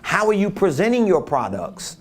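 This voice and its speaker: Male business coach, conversational and repetitive, voice sitting a touch high. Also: sing-song, moderate pace. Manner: conversational, repeats points, rhetorical questions. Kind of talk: casual coaching talk.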